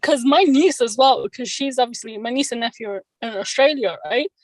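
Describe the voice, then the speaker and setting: Chatty higher-voiced woman. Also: normal speed, no echo, low-quality recording. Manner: chatty, laughs often, many fillers. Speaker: podcast guest. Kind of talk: casual chat.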